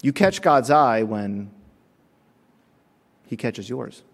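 A man preaching a sermon, telling a personal story with emphatic, animated delivery. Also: mid-range voice, slow pace, in a large hall. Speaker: pastor.

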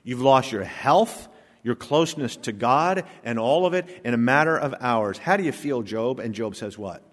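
A male pastor preaching a sermon, emphatic, firing off rhetorical questions and swinging from hushed to loud. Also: mid-range voice, animated, normal speed. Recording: long reverb of a large hall.

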